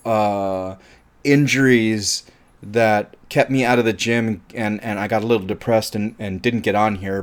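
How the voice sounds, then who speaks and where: An American man from California talking casually through an unedited movie review video, chatty, rambling and self-deprecating. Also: mid-range voice. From California, USA.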